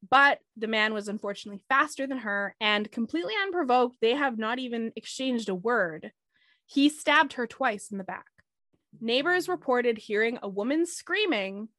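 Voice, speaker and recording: A woman with a fairly high voice telling a true crime story on a podcast. She keeps it casual and animated and turns aside to her co-hosts now and then. The sound is dry and close. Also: no room sound. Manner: animated, conversational, quick asides to listeners.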